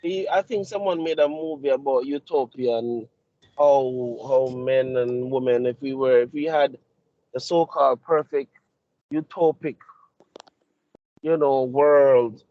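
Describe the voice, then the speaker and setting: A man co-hosting a casual discussion podcast, talking slowly through an idea and repeating words as he searches for them. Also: mid-range voice, fairly even intonation, dark tone, no echo, dull audio. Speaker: podcast co-host.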